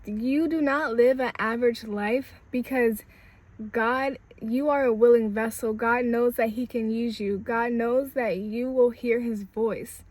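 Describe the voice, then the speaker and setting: A woman's voice: fairly high pitch, steady tone, measured pace, darkish tone, no room sound. A young woman giving an inspirational spiritual message in a casual, conversational way, building emphasis through repetition. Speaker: spiritual speaker.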